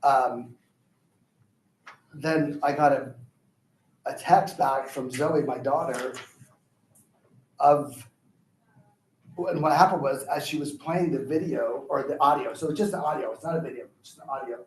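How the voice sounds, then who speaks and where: A man's voice: medium pitch, measured pace, long pauses. A man telling a personal story in a class, rambling and correcting himself as he goes. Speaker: class participant. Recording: echoey room, faint background noise.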